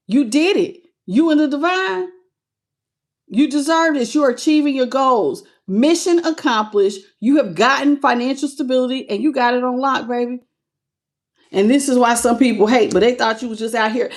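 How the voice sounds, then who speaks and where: A woman's voice: sits high, moderate pace. A woman giving a live tarot reading who greets viewers by name, calls them baby, and laughs often. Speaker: tarot reader.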